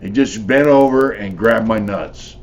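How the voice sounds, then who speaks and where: A man's voice: fairly low pitch, unhurried, dull audio. An older man, a former prisoner, telling his stories in a blunt, profane, rambling way with lots of "you know.". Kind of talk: casual storytelling.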